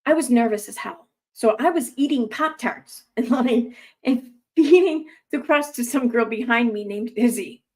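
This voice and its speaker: A woman's voice: fairly high pitch, normal speed, hardly any pauses, a little mellow. A young adult woman reading online posts aloud and adding rambling, sarcastic commentary full of fillers.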